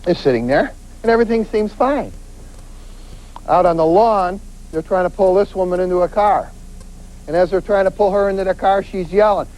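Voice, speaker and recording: A male detective delivers a spirited crime-prevention lecture, slipping into quoted voices to act out scenes. His voice sits fairly high yet sounds warm and mellow, and he drives every point home with punchy repetition. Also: moderate pace, long pauses, low-quality recording. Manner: animated, acts out quoted voices, emphatic repetition. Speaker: police detective giving a safety talk.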